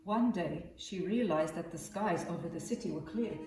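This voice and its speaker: A woman's voice: fairly low pitch, normal speed, background noise. Woman reading a story from afar. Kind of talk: storybook narration. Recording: echoey room, far from mic, music behind.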